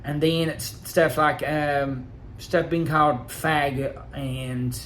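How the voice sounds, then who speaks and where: A man recounting his experience in a rambling, aggrieved way, halting with fillers. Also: on the high side, fairly even intonation, fairly bright tone, slight background noise. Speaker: vlogger. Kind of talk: casual personal storytelling.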